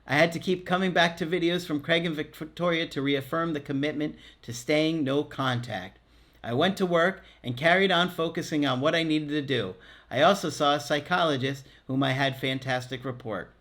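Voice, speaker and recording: Laughing, high-pitched male relationship coach. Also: normal speed. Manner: jokey and animated, laughs often at his own asides. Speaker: relationship coach and podcast host. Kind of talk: casual podcast chat, reading a listener's letter aloud.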